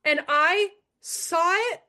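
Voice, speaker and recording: Slow, pushed, and bright, a young adult woman's high voice carries her story as a podcast guest. She speaks bluntly and emphatically, curses freely, and circles back to repeat the lines that matter to her.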